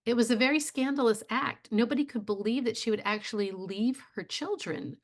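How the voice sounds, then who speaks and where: A woman's voice: fairly high pitch, brisk. A woman instructor giving a casual video lecture, retelling a play in a plainspoken way with frequent fillers. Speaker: theatre instructor.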